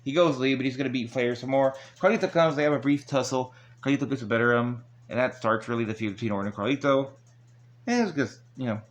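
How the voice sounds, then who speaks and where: A man recapping an old wrestling episode in a rambling, casual way with chuckling asides. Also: mid-range voice. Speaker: wrestling show reviewer.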